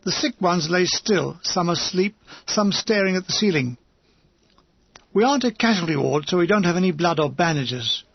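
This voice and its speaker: A man's voice: high voice, expressive, normal speed, no room sound, highs cut off. A man reading a comic war memoir aloud as an audiobook narrator, with a wry, dryly comic delivery.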